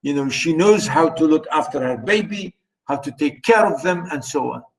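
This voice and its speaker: A man's voice: a little high, moderate pace, low-quality recording. A man lecturing on a play, reading passages aloud and explaining them patiently with frequent "you know". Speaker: literature lecturer.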